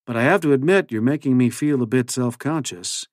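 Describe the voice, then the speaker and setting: A man's voice: mid-range voice, brisk, no echo, clean studio sound, close to an everyday voice. A man reading a genial off-duty priest. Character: friendly middle-aged male priest off duty.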